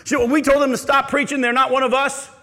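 Anxious followers who nag and whine, put on by a man, loud and insistent. The pitch jumps high above his speaking voice. A long church reverb trails behind. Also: little pitch movement, fairly quick, exaggerated voice. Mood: whiny. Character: anxious pleading followers nagging a teacher.

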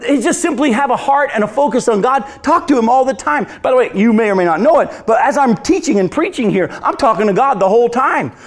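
A male pastor preaching a sermon in a conversational way, asking the congregation questions and swinging between emphatic lines and hushed ones. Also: extremely high pitch, expressive, fast, hardly any pauses. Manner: addresses congregation directly, asks questions.

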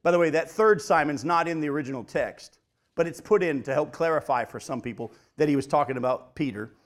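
Middle-aged male pastor, slightly high voice, emphatic sermon delivery. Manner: emphatic preaching, slows for key points, addresses folks directly.

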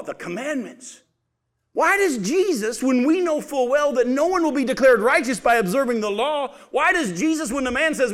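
High-voiced preacher, animated. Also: male voice. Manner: animated, asks the congregation questions then answers them; addresses listeners as folks. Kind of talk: sermon.

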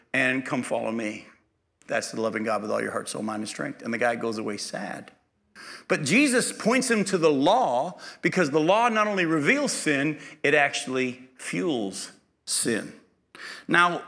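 A man teaching an interactive Bible lesson, quizzing his class and acting out the people he quotes. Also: high voice. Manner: lively, quizzes the class and acts out quoted speech.

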